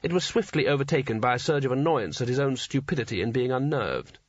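A man giving a scripted story narration in a dry, wry, measured way. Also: mid-range voice, expressive, dry recording. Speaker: audiobook narrator. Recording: dull lo-fi dry recording.

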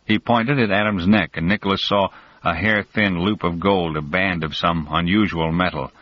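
A man narrating an audiobook as scripted narration, with a steady, expressive reading. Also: low-pitched, normal speed. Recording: dull lo-fi dry recording.

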